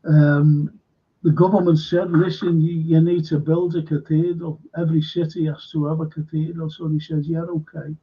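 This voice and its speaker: A local historian chats on a live stream, animatedly telling anecdotes and acting out the voices in them. His husky voice sits on the high side at a moderate pace, and the stream audio is lo-fi.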